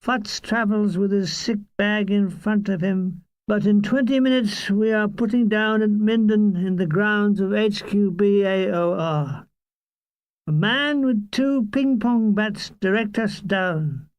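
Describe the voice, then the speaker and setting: A man's voice: high-pitched, takes it slowly, no echo. A man narrating a comic wartime memoir in a dry, wry storytelling manner. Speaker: audiobook reader.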